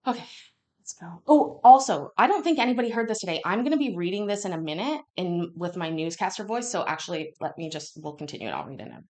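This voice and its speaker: A woman's voice: lowish voice, big pitch swings, fast talker, a little mellow. A woman hosting a casual chat with viewers, rambling and acting out the quotes in her stories. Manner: rambling, chatty, acts out quotes. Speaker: channel host. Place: home kitchen.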